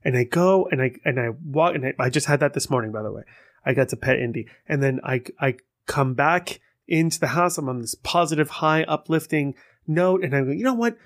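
A man hosting a casual solo podcast, rambling and swearing as he tells stories in an animated way. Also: medium pitch, a little fast. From Persian heritage. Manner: rambling, profane, animated storytelling. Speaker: podcast host.

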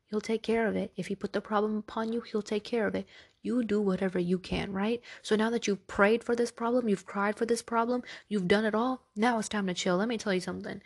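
A woman hosts her podcast in a casual, earnest voice, reassuring her listeners and checking in with them as she goes. Her tone is husky and breathy, with a gravelly fry at the edges. She sits at a middling pitch for a woman. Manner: earnest, reassuring, conversational, often adds "right?". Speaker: podcast host. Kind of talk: casual religious podcast talk.

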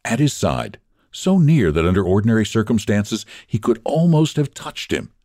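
A man narrating a story in an expressive, measured reading. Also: fairly low pitch, no room sound, clean studio sound.

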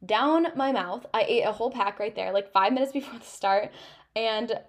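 A young woman talks through her story on her own podcast, loose and chatty, her speech full of "like" and "um". Her voice sits a little on the high side. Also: normal speed. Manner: chatty, filler-heavy storytelling with lots of "like". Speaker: podcast host. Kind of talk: casual podcast monologue.

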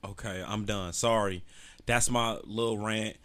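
Man, podcast host, casual solo rant, profane, slangy, forceful bright voice. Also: on the low side, normal speed. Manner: loose, profane, animated storytelling with slang.

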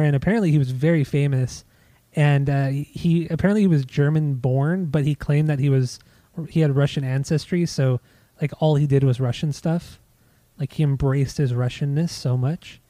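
A man's voice: a little high, fairly even intonation, normal speed, warm tone, no echo. A man chatting casually about records he bought, easygoing and a little hesitant, swearing now and then. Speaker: podcast co-host. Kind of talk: casual chat about vinyl finds.

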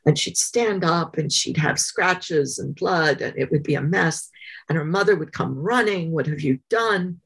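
A woman's voice: low-pitched, measured pace, creaky, breathy edge. A woman being interviewed as an author, telling stories thoughtfully, with fillers. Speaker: guest author. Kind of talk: interview conversation.

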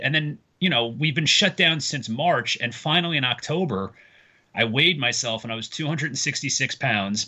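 Guy with a really bright forceful voice, rambling story mode, swears a bit. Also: medium pitch. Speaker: comedian guest. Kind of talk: casual podcast chat.

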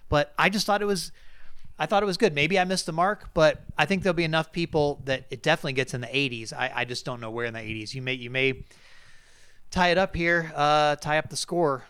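A man's voice: fairly high pitch, fairly quick, fairly bright tone, clean tone, no room sound. A man co-hosting a podcast, chatting casually and hedging with lots of fillers and restarts. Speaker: podcast co-host. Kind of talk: casual sports chat.

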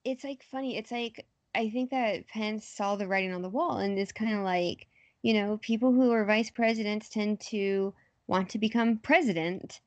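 A woman's voice: medium pitch, moderate pace, dry recording, lo-fi sound. A young woman talking politics casually in a hesitant, wry way, with many fillers.

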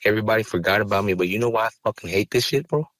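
A man's voice: lowish voice, racing, fairly bright tone, dry recording. A man, speaking raw and profane in an emotional podcast interview. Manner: raw, angry, profane, rising to heated outbursts. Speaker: rapper and podcast guest. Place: podcast studio.

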